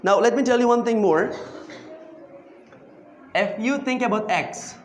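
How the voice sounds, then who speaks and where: High-voiced man teaching grammar, echoey. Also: measured pace, a little hiss or hum. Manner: questioning, repeats phrases and asks the class to answer back. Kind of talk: classroom grammar lesson. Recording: echoey room.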